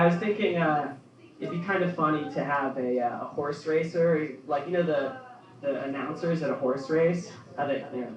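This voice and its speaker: A young man performing a rambling stand-up set in a comedy club, full of ums and his own laughs. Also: on the high side. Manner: rambling, filler-heavy, laughs at own jokes. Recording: echoey club room, distant dull mic.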